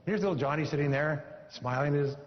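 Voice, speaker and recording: A man's voice: on the high side, fast. Man giving an emphatic seminar speech. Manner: storytelling with emphatic repetition. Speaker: motivational speaker. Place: seminar hall. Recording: dull lo-fi recording in a reverberant hall.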